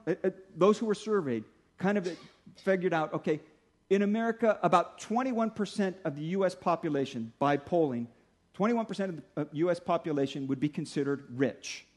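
A middle-aged male pastor preaching a sermon in a conversational way, slowing down to stress key points. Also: sits high, lively intonation, darkish tone. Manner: conversational preaching, slows for emphasis.

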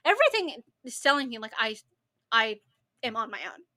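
Young woman podcast co-host, fairly high bright voice, emphatic casual storyteller. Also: sing-song, a little fast. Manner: emphatic, repetitive, swears casually.

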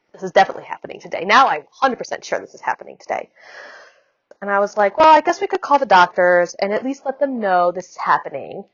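A woman's voice: mid-range voice, no echo. Brief: woman, thirties, chatty storyteller, dry close sound, a bit muffled. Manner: chatty, animated, quick asides with "like". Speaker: mother telling her birth story. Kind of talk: casual storytelling.

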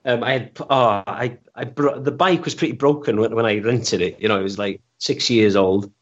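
A man's voice: mid-range voice, moderate pace. A man telling stories as an interview guest, rambling and self-deprecating, often stammering and restarting. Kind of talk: casual storytelling interview. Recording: dull lo-fi recording.

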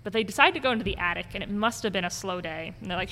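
She races along at a medium pitch, a ghost tour guide telling stories in an interview-style chat and animatedly voicing the people she quotes. The recording is reverberant, with a long tail and faint noise in the background.

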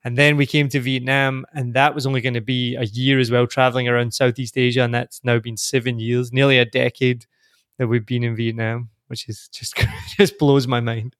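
A man from Glasgow with a soft Scottish accent, talking as a guest on a podcast. He is upbeat and easygoing, laughs easily and stumbles over the starts of his sentences. He sounds dry and close to the mic, with a middle pitch. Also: little pitch movement, moderate pace, no room sound. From Scotland. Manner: chatty and upbeat, laughs often, repeats words when starting sentences. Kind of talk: casual interview chat.

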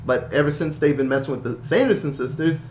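A man's voice: a little high, fast, echoey room, slight background noise. A man casually recapping a movie, acting out quotes, laughing and swearing as he goes. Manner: animated storytelling with voiced quotes and swearing. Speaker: podcast co-host.

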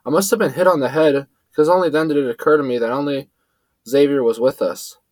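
A man's voice: fairly quick, dry recording, poor audio. A man narrating a first-person adventure story, lifting his voice for the characters' lines. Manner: lively, shifts pitch up for quoted characters.

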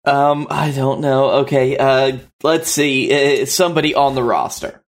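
A man co-hosting a casual podcast, reacting playfully and cracking quick jokes. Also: mid-range voice, fairly even intonation. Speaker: podcast co-host.

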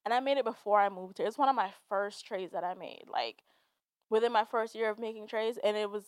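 A woman's voice: medium pitch, fairly quick, clear, resonant tone, no room sound. A woman hosting a solo podcast, talking in a casual, chatty rant full of "like"s. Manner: chatty and animated, many "like"s and frequent laughs. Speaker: podcast host.

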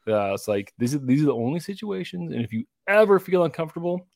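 Lively, fast-talking male podcast host. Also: on the high side, vocal fry, no room sound, clean studio sound. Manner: animated storyteller, acts out voices in anecdotes. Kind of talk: casual chat.

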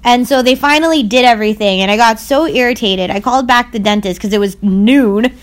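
A young woman chatting casually as a podcast co-host, telling a story in an animated way and acting out what other people said. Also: on the high side, a little fast. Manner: animated storyteller who acts out others' lines. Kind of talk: casual chat.

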